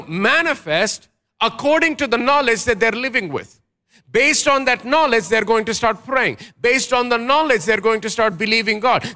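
Bright, high-voiced preaching man. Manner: emphatic preaching with rhetorical questions and call-and-response. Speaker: pastor. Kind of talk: sermon.

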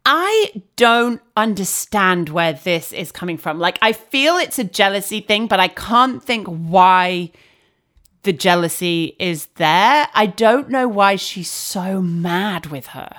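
Woman podcast co-host, blunt and sweary, casual recap chat, mid-pitched voice. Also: expressive, slow pace, fairly bright tone.

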